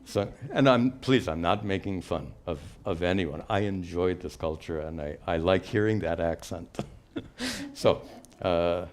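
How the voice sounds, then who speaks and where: A man's voice: deep voice, measured pace. An older man, a spiritual teacher, answering questions in a live teaching session in a patient, explanatory way with light humor.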